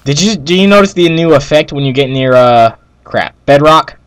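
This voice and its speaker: A young man casually chatting and laughing while playing a co-op game, exclaiming loudly at every mishap. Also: fairly high pitch, lively intonation, moderate pace, slight background noise. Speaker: Minecraft co-op player. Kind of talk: casual gameplay chat.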